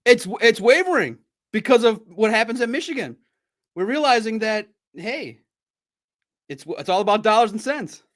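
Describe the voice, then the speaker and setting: Male sports podcast host, casual playful banter and friendly trash talk, fairly high voice with a very lively pitch. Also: normal speed. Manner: swings between loud bursts and low asides.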